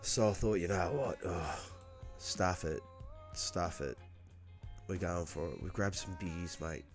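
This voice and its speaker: Bloke, lowish voice, easygoing and sweary, coughing, faint music under him. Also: male voice, normal speed. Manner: laid-back, swears a lot, matey. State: coughing after illness. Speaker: livestream host. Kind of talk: casual chat.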